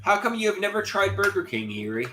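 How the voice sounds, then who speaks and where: A man's voice: high voice, big pitch swings, quick pace, pushed and bright, soft background music. A man hosting a casual livestream, rambling and chatty as he reads out viewer comments and greets them by name. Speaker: livestream host.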